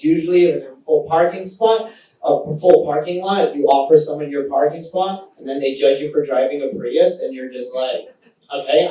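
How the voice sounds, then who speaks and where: A young man from Texas doing a stand-up comedy set, telling stories in an animated way and laughing at his own jokes. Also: on the high side. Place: live comedy stage in a small theater. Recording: echoey live room from far off.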